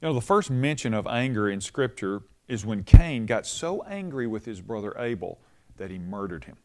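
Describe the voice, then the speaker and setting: A man's voice: lowish voice, very animated, normal speed. A man giving a short devotional radio message, telling a story in a conversational preaching manner.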